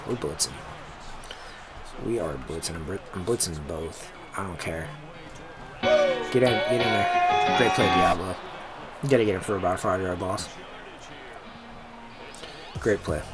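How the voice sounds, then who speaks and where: A man giving casual, excitable commentary over his own football video game, talking to the players on screen and swearing when a play goes wrong. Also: on the low side. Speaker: gaming commentator. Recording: music playing behind.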